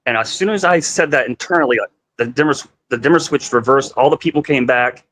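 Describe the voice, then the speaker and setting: A man's voice: mid-range voice, quick pace, a bit bright, dry recording, poor audio. Rambling man telling a story, dry sound. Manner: rambling, heavy on "like" fillers, acts out quoted dialogue. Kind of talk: casual storytelling conversation.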